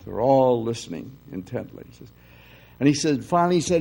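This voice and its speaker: An older man giving a conversational spiritual lecture as a teacher, often pausing to check in with his listeners. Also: mid-range voice, expressive, a little mellow, rough recording. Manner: conversational, often checks in with "okay?" and "you see".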